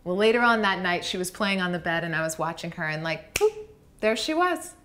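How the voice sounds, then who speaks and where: A woman telling an emotional personal story to an audience, slowing down and softening her voice for emphasis. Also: lowish voice, animated, a little hiss or hum. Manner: heartfelt, slows down for emphasis, softens to a hush.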